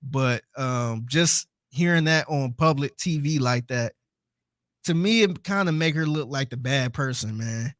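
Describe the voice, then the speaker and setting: A man's voice: medium pitch, measured pace, no room sound. A man co-hosting a podcast who talks animatedly and chuckles between his points. His voice sits mid-range and the sound is dry and close, with no room around it. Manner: animated storytelling, laughs between points, repeats himself. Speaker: podcast co-host. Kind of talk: casual podcast chat.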